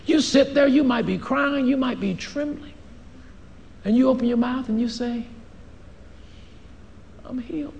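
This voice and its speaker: High-voiced man preaching, acts out little back-and-forths, laughs a lot, slight background hiss. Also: normal speed, creaky. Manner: animated preaching, acts out dialogue, laughs often. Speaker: pastor. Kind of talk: sermon.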